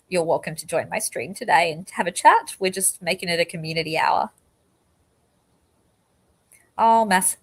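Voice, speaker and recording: Australian woman, slight British lilt, rambling livestream host, chatty and a bit tongue-tied. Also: on the low side. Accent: Australian with a slight British touch. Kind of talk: casual livestream chat. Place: home.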